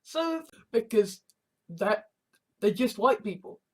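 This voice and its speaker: A woman's voice: fairly high pitch, animated, slow, a little mellow, slightly rough. A woman talking in a casual, rambling monologue, swearing often and restarting her sentences. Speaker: online commentator.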